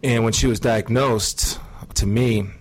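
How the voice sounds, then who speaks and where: A middle-aged man earnestly recounting a personal testimony in an interview, measured and pausing often. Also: mid-range voice, steady tone. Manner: earnest, measured storytelling with frequent pauses. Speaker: guest sharing testimony.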